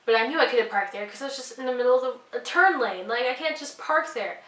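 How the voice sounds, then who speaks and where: A woman's voice: fairly high pitch, fast, fairly bright tone, roomy sound, far from the mic, poor audio. A young woman vlogger telling a personal story, earnest and apologetic, rambling with lots of fillers. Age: young adult.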